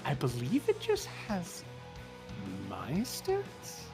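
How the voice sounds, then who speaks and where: A man playing a tabletop game, lively and hesitant with fillers. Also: high voice, slow pace, gravelly, over music. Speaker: player.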